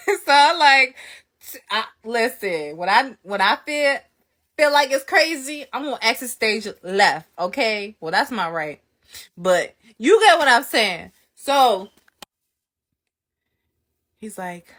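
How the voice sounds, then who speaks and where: A young woman vlogger casually telling a story, animated, laughing often and acting out what people said. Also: mid-range voice, slow. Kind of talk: storytime vlog, casual retelling.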